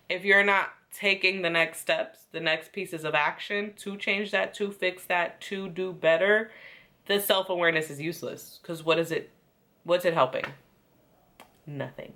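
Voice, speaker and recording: A woman's voice: mid-range voice, measured pace, fairly bright tone. A young woman recapping a reality show in a casual, chatty way, filling her talk with "like" and "um" and acting out the quotes. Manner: chatty, lots of "like" and "um", acts out quotes. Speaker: recap host.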